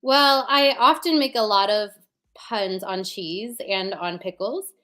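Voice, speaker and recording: A woman's voice: mid-range voice, takes it slowly, fairly bright tone. A woman performing puns as a guest, chatting casually about how she writes them, with many fillers. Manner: chatty, many fillers, explains with rhythm sounds. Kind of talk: casual chat.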